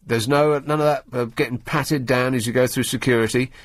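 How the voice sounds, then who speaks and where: A man's voice: medium pitch, fairly even intonation, a little fast, dry recording. A man hosting a radio phone-in in a studio, talking casually in a sardonic, mocking way. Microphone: studio microphone.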